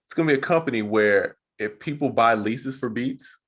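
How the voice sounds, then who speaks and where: A man co-hosts a podcast about music production, talking casually and full of slang. His voice sits at a middle pitch. He tells stories in an animated way and calls his co-host "bro.". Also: normal speed. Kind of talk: casual chat.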